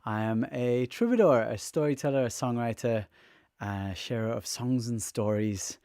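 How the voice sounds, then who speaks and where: A weary man talks to viewers on a livestream, his throat sounding raw from fatigue. He is open and emotional, and he rambles and restarts as he thinks aloud. His voice sits at an ordinary middle pitch, recorded close in a dry room. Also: moderate pace, warm tone, smooth, dry recording. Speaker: livestreamer and musician. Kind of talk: casual livestream chat.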